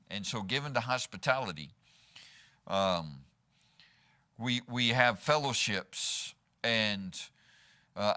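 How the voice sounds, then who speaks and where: A pastor with a lowish, sharp-toned voice preaches in a church sanctuary. His manner is conversational, and he often turns to the congregation with a rhetorical "right?"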